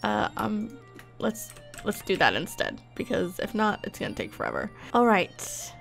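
A woman's voice: medium pitch, wildly swooping pitch, moderate pace, gravelly, faint music behind. A young woman giving casual, bubbly gameplay commentary, gushing and gasping as she explores. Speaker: gaming YouTuber.

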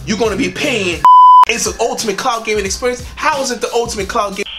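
A man hosting a gaming channel, ranting angrily with lots of cursing, loud outbursts and drawn-out sing-song emphasis. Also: high-pitched. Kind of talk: profane ranting vlog. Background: music.

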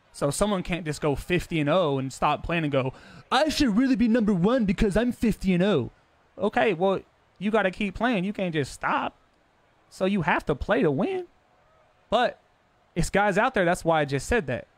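A young man with a high, light voice streams a football video game and talks straight to his chat. He is brash and profane, quick to get defensive and brag about his record. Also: fairly bright tone, no echo. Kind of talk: casual live-stream talk to chat.

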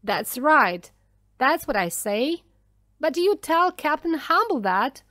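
A woman's voice: sits high, very animated, takes it slowly, a bit bright, no room sound, studio quality, pitched above the performer's own voice, exaggerated voice. A woman reading a storybook voices an angry, tired and frightened male ship's engineer, raising her voice in exasperation. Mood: exasperated.

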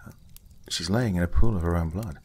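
A man voicing a nervous young police officer who hesitates and stumbles over his words, with a husky tone. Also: low voice, fairly quick, a little mellow. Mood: hesitant. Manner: hesitant, flustered, trailing fillers.

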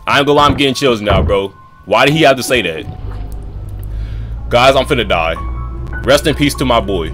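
A man commentating on a horror game in loose, slangy talk, his pitch swinging all over the place as he reacts. He jumps between a calm reading voice and loud outbursts. Faint music plays behind him. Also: normal speed, pauses often. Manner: reads game dialogue aloud in a lower voice, then reacts loudly; casual slangy chatter. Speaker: gaming YouTuber.

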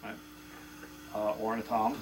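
A man's voice: normal speed, loud music behind the voice, low-quality recording. A man teaching a casual drum lesson, counting beats and chanting stroke names aloud in a loose, chatty way. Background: loud drumming.

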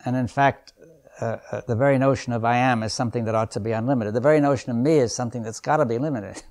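A man's voice: medium pitch, steady tone, quick pace. A man in his seventies leading a seminar, thinking aloud and often checking in with his listeners. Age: 70s. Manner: thoughtful, musing, keeps checking in with "right?" and "you see"; chuckles softly between points. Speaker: seminar leader. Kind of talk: unscripted seminar lecture.

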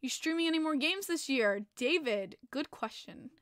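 A woman hosting a hockey podcast, chatting casually with viewers, excitable, swearing freely and laughing often. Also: sits high, normal speed, dry recording, studio quality. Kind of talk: casual live-stream chat reading viewer comments. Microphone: plugged-in desk microphone.

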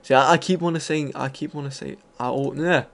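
A man's voice: mid-range voice, steady tone, a little fast, creaky. Rambling man narrating gameplay. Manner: rambling and loose, with many fillers and casual swearing. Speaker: gaming video host. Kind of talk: casual gameplay commentary.

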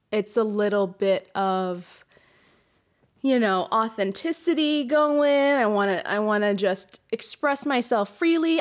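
A woman's voice: on the high side, measured pace. A young adult woman hosting her own podcast, talking candidly in a casual confessional monologue, swearing freely and restarting phrases into a hot close mic. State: emotional, runny nose. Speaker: podcast host.

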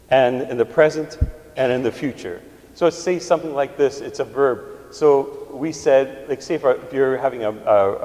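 Male priest, sermon delivery, halting teaching style, warm tone, long church reverb. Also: mid-range voice. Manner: teaching with pauses and restarts. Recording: echoey church hall.

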